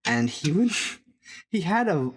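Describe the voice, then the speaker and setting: A man's voice: a little high, sing-song, takes it slowly, slightly rough. Rambling, laughing young man storyteller. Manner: rambling, laughing often, many restarts. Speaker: podcast co-host. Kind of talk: casual storytelling chat.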